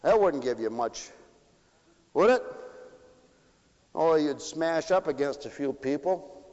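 A male preacher delivering an impassioned sermon, swinging between shouted appeals and quiet asides. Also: on the high side, lively intonation, slow. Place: church. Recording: dull recording in a reverberant church.

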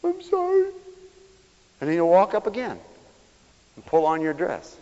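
A male preacher giving a sermon for radio, animated and swinging from loud exclamations to hushed tones. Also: on the high side, moderate pace, clean tone. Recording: dull, echoey church recording.

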